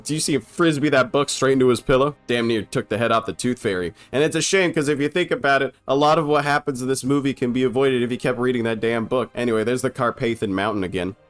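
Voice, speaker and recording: A man's voice: medium pitch, quick pace, hardly any pauses, soft background music. A young man riffing comedically over an old film, loose and irreverent. He swears freely and laughs at his own jokes in a casual, unscripted way. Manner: irreverent, profane, laughing often. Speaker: film commentator.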